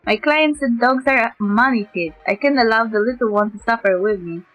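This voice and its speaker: A woman's voice: fairly high pitch, moderate pace. A woman streamer, a native Polish speaker, reading game dialogue aloud and switching between character voices. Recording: dull lo-fi mic with music behind.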